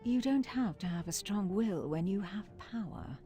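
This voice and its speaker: An actress playing a calm, composed young woman passenger in a video game, speaking wryly. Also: mid-range voice, normal speed, faint music behind, natural voice. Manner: calm and wry.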